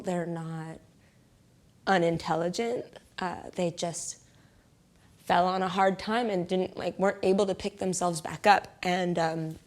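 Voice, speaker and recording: A young adult woman casually telling a personal story, often saying "like", laughing a lot and sometimes dropping to a soft whisper. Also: on the low side. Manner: chatty, heavy use of "like", laughs often. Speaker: interviewee.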